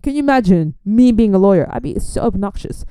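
Chatty young woman with a mellow, smooth voice. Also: mid-range voice, a little fast, no echo, clean studio sound. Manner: chatty, animated, repeats herself, laughs often. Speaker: Christian vlogger. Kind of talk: casual advice talk.

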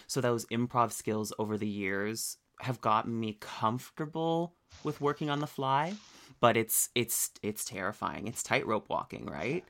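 Chatty male podcast host, mid pitch. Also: measured pace. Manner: animated, chatty and encouraging, laughs often. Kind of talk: casual podcast chat.

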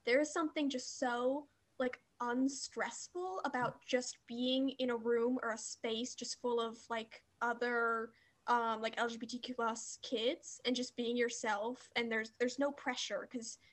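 Upbeat woman co-host, kinda high voice, chatty and casual. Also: fairly even intonation, moderate pace. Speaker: podcast co-host. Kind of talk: casual podcast chat.

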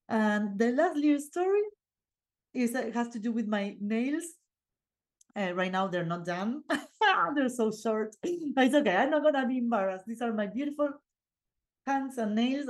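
Upbeat female vlogger, a mom and business owner, casual motivational chat. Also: mid-range voice. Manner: earnest, upbeat, with fillers and laughs. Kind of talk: casual motivational vlog talk.

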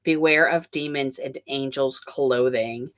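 A woman with a very low voice, talking casually about a book she has read. She sounds relaxed and candid, and she swears now and then. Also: unhurried. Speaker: book discussion co-host. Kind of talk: casual chat reviewing a book.

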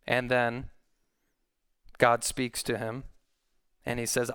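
Man, pastor, sermon, earnest preaching, smooth resonant voice, dry close sound. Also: mid-range voice, level tone, unhurried, pauses often, a bit bright, no room sound. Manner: earnest preaching, rising when quoting scripture.

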